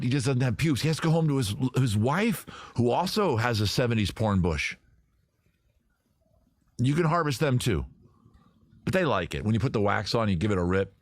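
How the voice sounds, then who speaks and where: Male host, livestream, rambling crude deadpan humor, bouncy animated pitch, dry close sound. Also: dry recording. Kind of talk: improvised comic livestream answering viewers.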